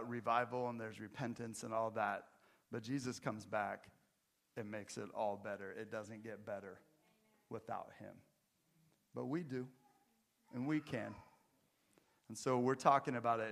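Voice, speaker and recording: A middle-aged man preaching a sermon as pastor, mixing joking self-deprecating asides with quiet, earnest emphasis. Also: medium pitch. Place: church.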